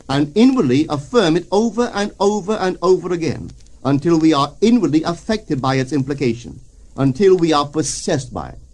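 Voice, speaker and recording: A man reads a spiritual lecture with a measured, solemn delivery. His voice sits a little high and moves a great deal in pitch. He slows down and leans on the quoted lines. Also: darkish tone. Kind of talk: reading a spiritual lecture aloud.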